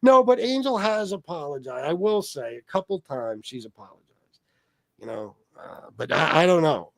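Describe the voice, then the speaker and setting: A man's voice: fairly high pitch, animated, moderate pace, creaky, dry recording. A man hosting a casual livestream who reads chat aloud and rambles with plenty of profanity. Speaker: livestream host.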